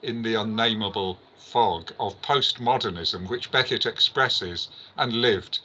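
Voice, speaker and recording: Male academic presenter, bright, hesitant delivery full of fillers, muffled lo-fi recording. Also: on the low side, husky. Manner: hesitant, many filler pauses. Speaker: conference speaker. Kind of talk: academic conference talk.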